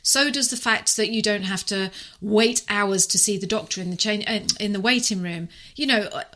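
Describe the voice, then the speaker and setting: A middle-aged English woman co-hosting a podcast, chatting in an animated, emphatic way. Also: medium pitch, normal speed. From England. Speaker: podcast co-host. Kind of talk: casual chat.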